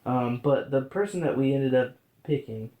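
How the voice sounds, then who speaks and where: A man co-hosting a podcast in casual chat, relaxed and hesitant, often pausing with fillers. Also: mid-range voice, echoey room. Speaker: podcast co-host.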